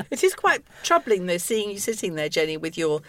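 A woman's voice: on the low side, very animated, a little fast, fairly bright tone. Woman co-host with faint background noise. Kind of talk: casual chat.

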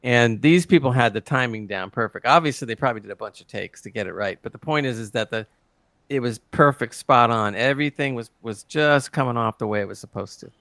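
This is a man co-hosting a casual review podcast. He is keen and rambling, backing up and restarting his thoughts as he goes. His voice sits at a middling pitch, and the recording is dry and close. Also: a little fast, fairly bright tone, no echo. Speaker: podcast co-host.

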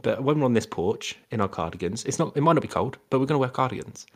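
A man's voice: mid-range voice, animated, quick pace. A man co-hosting a podcast in casual chat, rambling playfully with lots of fillers and restarts. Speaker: podcast co-host.

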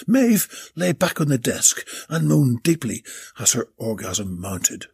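Gravelly man narrating a comic story. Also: medium pitch, animated, slow pace.

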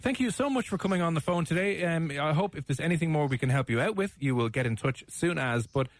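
A man's voice: a little high, animated, fast, dry recording. An Irish man hosting a radio show, chatting casually in a jokey, teasing way and laughing easily. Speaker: radio host. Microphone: studio mic.

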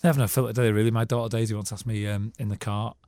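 A man, co-hosting a casual radio podcast with quick, jokey banter and frequent laughs. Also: fairly low pitch, little pitch movement, a little mellow, dry recording. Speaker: co-host, journalist. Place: radio studio. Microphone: studio mic.

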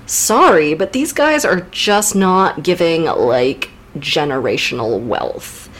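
Woman on a book podcast, super animated voice, joking her way through the plot. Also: sits low, takes it slowly. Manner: animated, jokey, playful asides. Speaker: podcast co-host. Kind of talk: casual literature recap chat.

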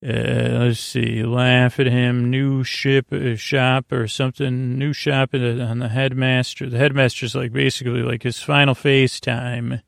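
A man sleepily recounting a story, halting with fillers and restarts and quoting the characters in his own voice. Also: medium pitch, level tone, gravelly, no echo, studio quality. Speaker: podcast host retelling an episode. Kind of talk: sleepy rambling plot recap.

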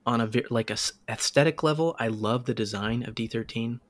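Male podcast co-host, middle-pitched, chatty and excitable, recorded dry and close. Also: brisk, dry recording. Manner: animated storyteller, many restarts and laughs. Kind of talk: casual chat.

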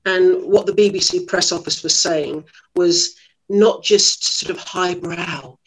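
A middle-aged woman, a lively, self-mocking actress telling stories in an interview. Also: on the low side, takes it slowly, crowd noise, low-quality recording. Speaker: actress guest. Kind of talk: anecdotal interview storytelling.

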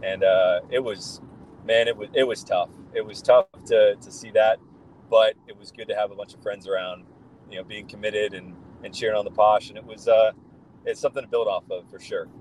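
A man with a fairly low voice chats casually on a podcast. He tells long, enthusiastic stories, loose and full of "uh" and "you know". A faint hiss sits under his voice. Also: fairly even intonation, brisk, a little mellow, low-quality recording. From United States. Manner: rambling, enthusiastic storytelling with many fillers. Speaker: guest, football fan.

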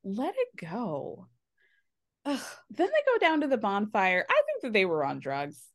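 A woman hosting a casual reality TV recap podcast, animated, laughing often and acting out cast members' lines in mocking voices. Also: mid-range voice, moderate pace. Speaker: podcast host.

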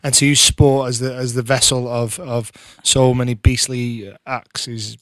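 A man's voice: mid-range voice, level tone, a little slow, a bit bright, no echo. A man speaking as a guest on a casual sports chat, earnest and plain-spoken.

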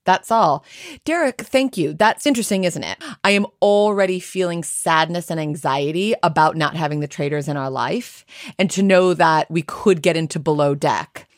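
An American woman co-hosts a podcast in lively casual chat. Her voice sits fairly low, and she reads listener notes aloud. The recording is dry and close. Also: normal speed, no echo. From United States. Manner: animated, chatty, reads listener messages aloud. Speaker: podcast co-host.

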